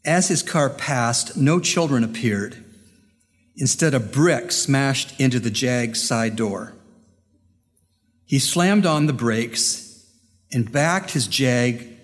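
A male pastor preaching a sermon and telling a story, earnest and deliberate with pauses. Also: medium pitch. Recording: long hall reverb.

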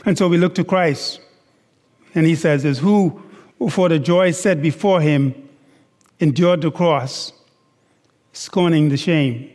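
A man preaching a sermon, slow and deliberate, stressing words and asking the congregation rhetorical questions. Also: a little high, a little mellow. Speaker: pastor. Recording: long hall reverb.

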